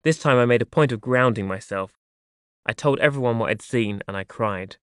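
A man reading his memoir aloud in a soft, wry, reflective way. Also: mid-range voice, moderate pace, clear, resonant tone, no echo, clean studio sound. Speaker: audiobook narrator.

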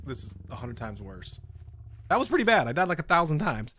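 A man's voice: on the high side, very animated, brisk, a bit bright, slight background noise. A man playing a horror game, nervously commenting, laughing and swearing as he goes. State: scared, on edge. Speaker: gaming channel host.

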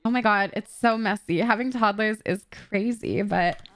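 A woman giving casual let's-play commentary, excitable and gossipy, swearing freely. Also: mid-range voice, normal speed, few pauses. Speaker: gaming YouTuber.

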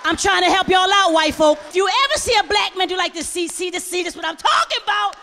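A woman performing a stand-up comedy set on stage, talking straight to the crowd in a loud, animated way. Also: extremely high pitch, fast talker, big-room sound. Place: comedy stage before a live audience. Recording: live crowd and room noise.

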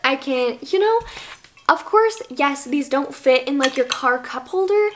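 A bubbly American woman in her early twenties gushes through a casual favorites vlog at home, her speech full of fillers. Her voice is high and animated, paced in a measured way, and captured on the camera's microphone.

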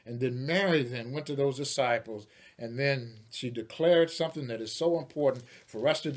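A man, a pastor, preaching a sermon, moving from quiet storytelling to loud, rising declarations. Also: medium pitch, normal speed, hardly any pauses.

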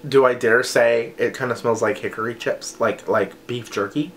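A man's voice: mid-range voice, fairly even intonation, moderate pace, slight background noise. A young man chatting casually to camera as he reviews wax melts, rambling and filling his talk with "like" and "um". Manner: chatty, rambling, says "like" often.

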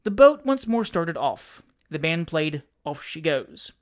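An audiobook narrator reading a classic comic story in a theatrical, expressive way. The pitch moves a great deal from phrase to phrase, at an even middle height. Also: measured pace.

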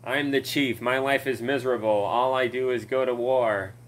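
A man's voice: mid-range voice, steady tone, moderate pace, close to an everyday voice. A man voicing a weary, bitter armored super-soldier who is sick of endless war, in a mocking, profane parody. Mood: gloomy mock.

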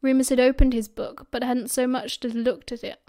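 A woman with a British accent reading a fan audiobook in steady storytelling narration. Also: sits high, moderate pace.

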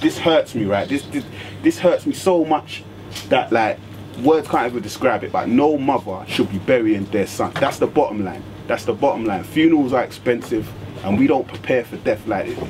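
A man's voice: medium pitch, moderate pace, natural voice. A man playing a radio DJ who talks earnestly and emotionally and repeats himself. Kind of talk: scripted radio show monologue. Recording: noisy background hiss.

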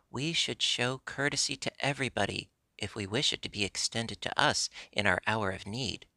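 A man voicing a small, stern, wise old talking cricket, with a high piping lecturing manner, in a storybook reading. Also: vocal fry, pushed and bright, no room sound, heavily acted.

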